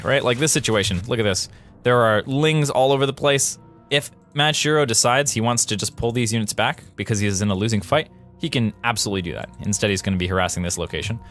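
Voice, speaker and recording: Brief: male game developer, casual commentary over footage, excitable exclamations, faint music bed. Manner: animated, quick exclamations and jumps in pitch.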